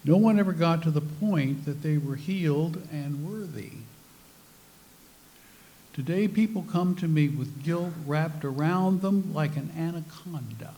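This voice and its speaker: A man's voice: a little high, unhurried, dark tone. An older man, a former priest, giving a talk to a spiritual group, telling personal stories with self-mocking humor. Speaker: speaker.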